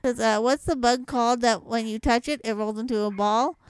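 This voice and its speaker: A woman's voice: a little high, fairly even intonation, normal speed, smooth, no room sound. A young woman with a light Southwest Louisiana accent, chatting casually at home in an accent challenge vlog, rambling and laughing lightly. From southwest Louisiana, born in Michigan. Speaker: vlogger.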